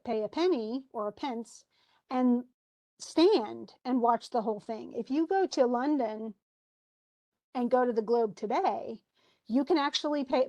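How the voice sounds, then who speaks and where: A woman's voice: a little high, a little mellow. Chatty woman teaching a play. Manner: chatty, restarts often, reads lines aloud with emphasis. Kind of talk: classroom lecture on a play.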